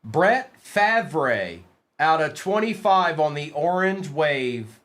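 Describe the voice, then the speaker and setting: A man with a somewhat high voice hosts a live trading card break, rattling off player names as each pack opens. He trades playful jabs with his chat between the pulls. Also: sing-song, slow pace, a bit bright. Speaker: livestream card break host.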